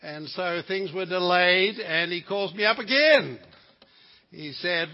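An older man with a New Zealand accent, preaching as a guest in a church sanctuary, tells folksy stories full of humor and asides. His voice is high and slow, and the lo-fi recording echoes with the reverberant church.

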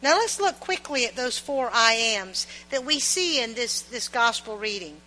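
A woman preaching a sermon, quoting scripture with emphatic, dramatic pauses, in a church. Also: on the high side, animated, bright, forceful tone. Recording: long reverb in a large hall, mains hum.

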